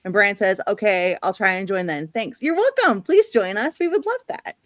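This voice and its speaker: A woman's voice: mid-range voice, lively intonation, normal speed, no echo. A woman from the Midwest hosting a casual book livestream, chatty and laughing often as she reads out viewer comments. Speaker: host.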